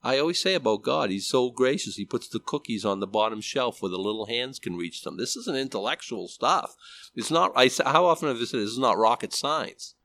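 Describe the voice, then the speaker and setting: A man's voice: medium pitch, animated, brisk, fairly bright tone, no echo. A man preaching a sermon in a conversational way, often asking his listeners questions. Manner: conversational, asks the audience questions. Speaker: pastor.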